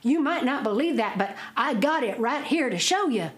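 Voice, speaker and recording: A woman's voice: sits high, animated, moderate pace, pitched above the performer's own voice. A woman doing Jack, a bold young farmhand. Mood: plain. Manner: blunt, threatening drawl.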